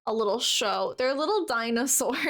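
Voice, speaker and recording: A young woman streams live, chatting casually and warmly answering her viewers as she plays. Her voice sits high and bounces all over her range, bubbly and talkative throughout. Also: very animated, takes it slowly. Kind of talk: casual live-stream chat while playing.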